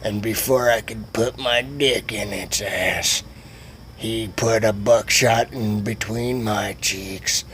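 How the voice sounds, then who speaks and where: A man voicing a creepy lowlife neighbor who mumbles slowly and breathily, with a faint hiss behind him. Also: fairly even intonation, full character voice. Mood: whiny. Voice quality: slow, low, breathy mumble.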